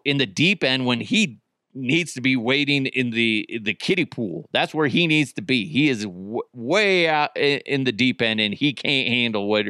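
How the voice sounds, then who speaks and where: Animated, profane man ranting about sports. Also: on the high side, no room sound, clean studio sound. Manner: animated, profane, mocking impressions. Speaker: podcast host. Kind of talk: casual sports rant.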